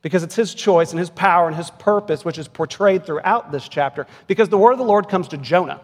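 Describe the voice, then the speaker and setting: A man's voice: sits high, fairly quick. A man in his forties preaching a sermon as pastor, earnest and building to emphatic peaks. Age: 40s. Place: church sanctuary. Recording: long reverb of a church hall.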